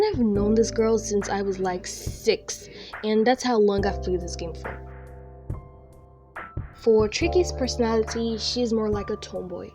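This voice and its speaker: A young woman giving a chatty, relaxed voice-over about her digital art. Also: mid-range voice. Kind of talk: casual voice-over narration. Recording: faint music behind.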